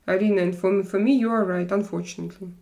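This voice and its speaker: Gravelly-voiced woman hosting a live chat. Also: medium pitch, fairly even intonation, mellow. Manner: earnest, measured, answers viewers by name. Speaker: live stream host. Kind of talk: casual live chat reading viewer comments.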